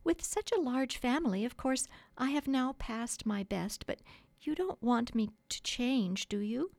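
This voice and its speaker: A woman's voice: on the high side, a little slow, creaky, darkish tone, no echo, voice pushed up. Woman putting on a prim, motherly girl. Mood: tender.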